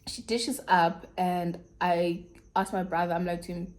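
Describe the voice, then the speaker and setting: A woman's voice: on the low side, fairly even intonation, a little slow. A young South African woman with a South African accent, frankly telling a personal story to her viewers in casual, slangy chat. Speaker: YouTuber.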